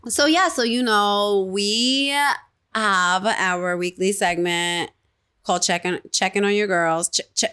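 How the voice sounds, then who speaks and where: A woman from New York hosting a podcast, chatting casually in quick, playful banter. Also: mid-range voice, sharp tone, clean tone. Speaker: podcast host. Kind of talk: casual chat.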